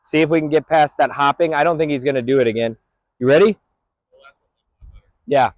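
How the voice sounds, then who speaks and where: A man's voice: a little high, a little fast, no echo. A man training a dog outdoors on a busy street, explaining his approach plainly and calling out praise to the dog. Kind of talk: outdoor training talk to camera.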